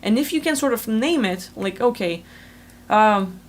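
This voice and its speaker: Talking fast over a video call, a woman who hosts a spiritual channel rambles through a casual, explanatory monologue packed with fillers. Her voice is fairly high and animated.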